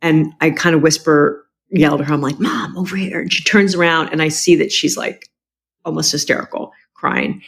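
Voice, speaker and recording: A woman's voice: low-pitched, creaky. Candid woman telling a family story. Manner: candid, animated, quick asides. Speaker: guest. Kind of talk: personal storytelling.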